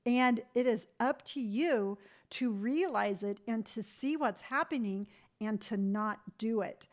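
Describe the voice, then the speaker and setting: Earnest, fairly high-voiced woman giving a pep talk. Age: 50s. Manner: earnest, animated, mimics other people's remarks; tough-love pep talk. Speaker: livestream host. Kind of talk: motivational livestream chat.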